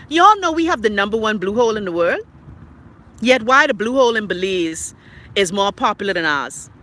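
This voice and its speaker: A Bahamian woman hosts a casual live stream from her phone, reading viewer comments. She's blunt, profane and exasperated, her pitch swinging sharply.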